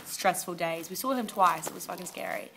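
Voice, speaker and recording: Bright-voiced young Australian woman. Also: on the low side, a little fast, vocal fry, slight background noise. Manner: chatty storyteller, animated quoting. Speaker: vlogger. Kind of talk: casual chat among friends.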